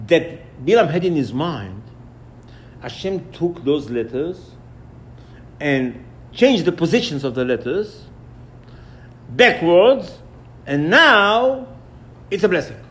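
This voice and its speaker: A man teaching a Torah lesson in an animated way, acting out dialogues and repeating himself. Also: on the high side, takes it slowly, pauses often.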